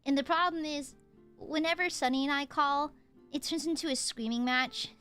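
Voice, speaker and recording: A young woman streaming casually, playful and jokey, with a slightly hoarse, sore throat. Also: sits high, normal speed, sharp tone, faint music behind. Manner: playful, bubbly, jokey, repeats greetings. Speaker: VTuber streamer. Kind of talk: casual livestream chat.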